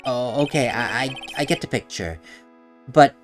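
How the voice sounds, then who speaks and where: A man's voice: medium pitch, expressive, moderate pace, faint music behind, pitched below the performer's own voice, close to an everyday voice. A man voicing a flustered, exasperated young male defense lawyer who stammers when caught off guard.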